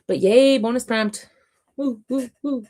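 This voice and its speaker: A woman hosting a casual reading livestream at home, chatty and quick to laugh, her voice a little sore and scratchy. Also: a little high, mellow. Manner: chatty, reads out chat comments, laughs often. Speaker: reading sprint livestream host.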